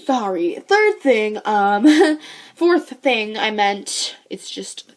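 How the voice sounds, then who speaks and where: A woman's voice: medium pitch, unhurried. A teenage girl giving a casual, exasperated vlog review of books she dislikes, sighing and swearing as she rants. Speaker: book vlogger.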